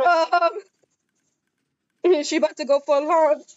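A woman playing a game with a friend, giggling and excitedly talking to the characters on screen. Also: high voice, unhurried, dry recording. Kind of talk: casual gameplay chatter. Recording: muffled lo-fi dry recording.

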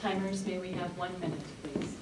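A woman making brisk announcements as the contest emcee. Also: fairly low pitch, steady tone. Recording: distant, echoey, noisy hall.

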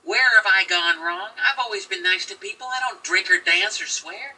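A man's voice: sits high, normal speed, pushed and bright, pitched above the performer's own voice, rough recording. A man voicing a lonely, self-pitying young man who complains to God in a whiny, plaintive way.

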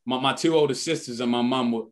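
A man's voice: mid-range voice, quick pace. A young man, a guest on a radio morning show, talking earnestly and animatedly, often saying "man". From United Kingdom. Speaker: actor guest. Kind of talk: casual radio interview. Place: radio studio.

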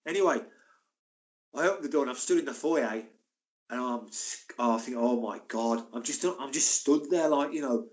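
Animated man telling stories. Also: mid-range voice, moderate pace. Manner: animated, acts out quoted voices. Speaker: guest, former footballer and physio. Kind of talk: anecdotal storytelling in an interview.

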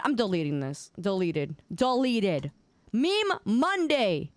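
Lively, playful woman streamer. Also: a little high, a little slow, dry recording. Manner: playful, mock-indignant whining and teasing. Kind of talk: casual stream chat, reacting to memes.

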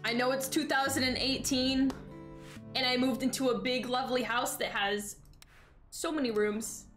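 This young woman's voice is high and fairly bright, with moderate pacing and a fairly even intonation. She's live-streaming a video game, casually bantering with chat in a playful, dramatic way and thanking followers, over faint game music.

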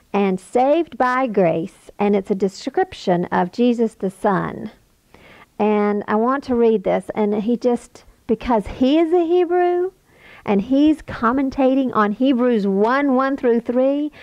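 A woman's voice: on the high side, creaky, a little mellow, dry recording. A woman giving an earnest, emphatic Bible study lecture to a women's group. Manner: earnest, emphatic teaching with occasional laughs. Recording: dull lo-fi dry recording.

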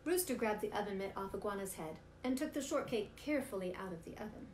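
A woman reads a picture book aloud for storytime, expressive and animated. Her voice sits at a middle pitch, and the room sounds roomy with a faint hiss underneath. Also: fast. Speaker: artist reading picture books.

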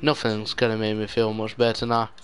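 A man's voice: lowish voice, completely flat delivery, brisk. A young man giving live gameplay commentary, despairing and muttering with sudden outbursts. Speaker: gaming YouTuber.

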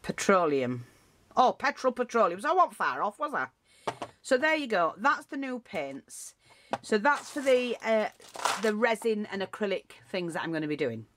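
A woman's voice: medium pitch, big pitch swings, normal speed, a bit bright, slight background noise. Chatty craft tutor, woman. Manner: chatty and rambling, with frequent restarts and asides.

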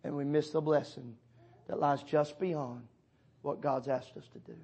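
A pastor preaching a sermon in church, speaking directly to members of his congregation, his delivery swinging from loud urging to hushed tones. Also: a little high, fairly even intonation, measured pace, breathy edge. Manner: addresses listeners by name as brother and sister.

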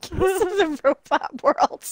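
A woman's voice: extremely high pitch, a little slow, no echo. A woman chatting casually and teasing her friends while streaming a game for charity. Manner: playful, teasing. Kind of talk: casual gaming chat.

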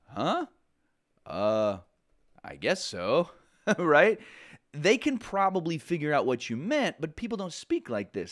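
A man teaching a programming lesson in a conversational way, often restarting sentences and adding asides. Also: medium pitch. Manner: conversational, self-correcting, with frequent asides. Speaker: programming instructor. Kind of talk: casual lecture.

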